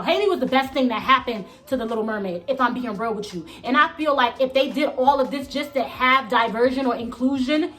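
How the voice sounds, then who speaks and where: Woman vlogger, blunt opinions, high voice, soft music beneath. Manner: blunt, emphatic, repeats "okay?". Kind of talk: casual opinion commentary.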